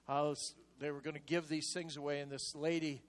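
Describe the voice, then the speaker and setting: An older man preaching a sermon, telling stories in a hushed voice and then rising into loud exhortation. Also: on the high side, a little fast. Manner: animated storytelling, swinging from hushed asides to loud exhortation. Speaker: pastor. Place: church sanctuary. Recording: long reverb of a large hall.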